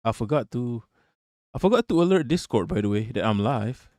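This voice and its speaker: A man's voice: medium pitch, expressive, darkish tone, no room sound, clean studio sound. Ranting, profane male livestream host. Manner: ranting, profane, quick to laugh. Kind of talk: live reaction commentary.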